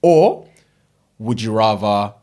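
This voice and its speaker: A man on a podcast speaks in a low voice with a wide, lively swing of pitch. He quizzes his co-host in easy casual chat. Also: takes it slowly. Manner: quizzing, posing would-you-rather questions.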